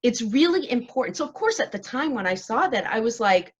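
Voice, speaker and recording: A woman's voice: fairly high pitch, very animated, a little fast, slightly rough, highs cut off. A woman host, being interviewed, chatting casually and laughing at herself often over a video call. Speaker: show host, interviewed as guest.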